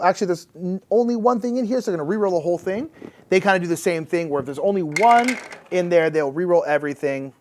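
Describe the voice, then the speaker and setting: A man casually talking through a solo board game, thinking aloud as he explains the rules, upbeat and playful. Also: on the high side. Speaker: board game channel host.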